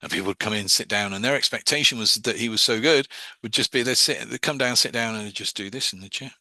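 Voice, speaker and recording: Bright-voiced man teaching hypnosis. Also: on the low side, no room sound. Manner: quick, rambling, with many restarts and fillers; drops into soft, slow hypnotic patter for examples. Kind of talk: informal class lecture.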